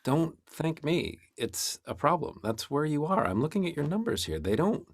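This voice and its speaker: Man doing an exasperated middle-aged accountant, deadpan, stammering, lively pitch, dry recording. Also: moderate pace, breathy edge, dry recording, heavily acted. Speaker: improv performer. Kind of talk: improvised comedy scene.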